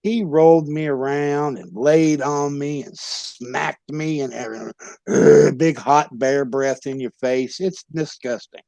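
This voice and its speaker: Gravelly, profane male storyteller. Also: on the high side, slow, no echo. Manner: profane, loud tall-tale telling. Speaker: former pro wrestler guest. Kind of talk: animated comic storytelling.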